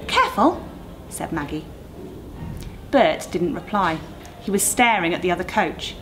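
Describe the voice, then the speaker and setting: A woman on a school staff reading a ghost story aloud in a measured, suspenseful way. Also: lowish voice, faint music behind. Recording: noisy recording.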